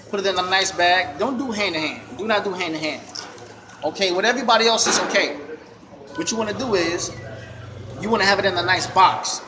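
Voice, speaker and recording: High-voiced man coaching sales, echoey room. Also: background noise. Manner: repetitive, coaching, checks in with "okay?" and "you follow me?". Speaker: fragrance seller giving sales advice. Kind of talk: casual instructional talk.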